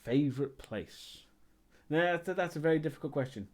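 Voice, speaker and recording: A man's voice: fairly high pitch, brisk, darkish tone. A man streaming live and chatting casually as he answers viewer questions, rambling and hesitant, with many ums and restarts.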